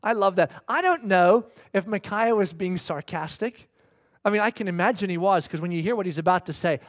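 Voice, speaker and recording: Rich: A high-voiced male preacher delivers a sermon with a casual, joking storytelling manner. He talks to his listeners directly and often breaks off to comment on the story. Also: fairly quick. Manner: conversational, humorous storytelling.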